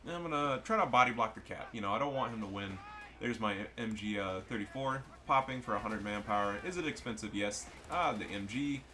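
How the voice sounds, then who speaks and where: A man's voice: on the low side, fairly quick. A man giving casual, joking and profane commentary over a strategy game match. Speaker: gameplay commentator.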